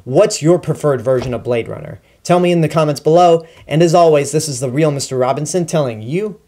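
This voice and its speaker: A man hosting his own movie review channel, talking casually and with plenty of opinion, adding animated emphasis on his key points. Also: fairly high pitch, fairly quick. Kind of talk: casual spoken film review.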